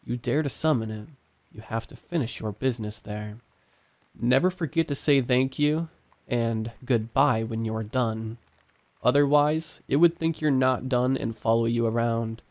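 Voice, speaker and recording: A man's voice: mid-range voice, normal speed, a little mellow, natural voice. A man reading the part of a young farmhand who earnestly gives a cautionary warning. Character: young man on a farm, giving a grave warning.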